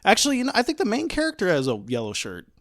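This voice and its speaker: A man co-hosting a podcast, talking about films in a relaxed, conversational way. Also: sits high, rapid-fire, no room sound, clean studio sound. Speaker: podcast co-host. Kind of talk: casual film discussion.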